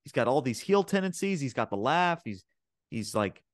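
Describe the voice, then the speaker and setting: Male podcast co-host, casual and profane, lots of "um" and "like", middle pitch, dry recording. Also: very animated, moderate pace, no room sound. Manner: profane, laughing, heavy fillers. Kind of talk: casual wrestling podcast chat.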